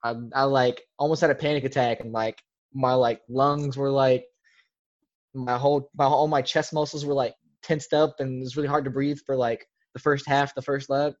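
A man's voice: mid-range voice, flat delivery, normal speed, dull audio. A young man, a podcast guest, telling a casual story in a rambling way, full of filler words. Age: young adult.

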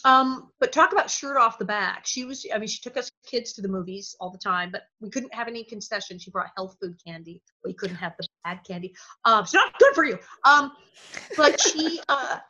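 A woman guest in an interview, telling stories with lots of energy and quick impressions. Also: mid-range voice. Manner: energetic, bursts into impressions and laughs. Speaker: interview guest, former child actress. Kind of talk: animated storytelling.

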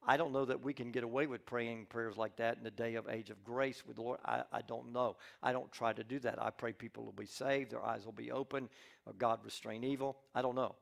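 Gravelly male pastor, animated sermon. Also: medium pitch, brisk. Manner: animated storytelling, acts out characters' lines; restarts and repeats words often.

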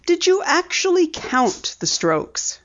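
A woman's voice: extremely high pitch, very animated, takes it slowly, a bit bright, voice pushed up, heavily acted. A woman reading an audiobook, voicing an eager, persistent teenage girl sleuth who presses with questions. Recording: dull lo-fi audiobook recording.

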